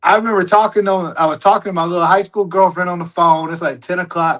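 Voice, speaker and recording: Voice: medium pitch, fast, few pauses, a bit bright, rough recording. A host in casual chat, telling a story in a laid-back way and swearing freely.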